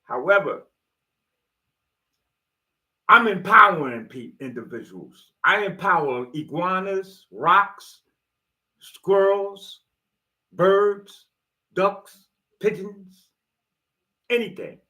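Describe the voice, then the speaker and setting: Animated, preachy man with a lively voice. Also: sits high, slow, long pauses. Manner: animated, preachy, swears and jokes freely; slangy, street-style talk. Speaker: motivational video host. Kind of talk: rambling motivational monologue.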